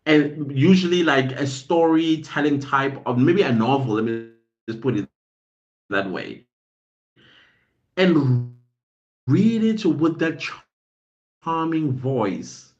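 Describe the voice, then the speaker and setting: A man's voice: fairly high pitch, highs cut off. A man hosting a podcast, giving casual advice in a rambling way, often searching for words with ums and uhs. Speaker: podcast host.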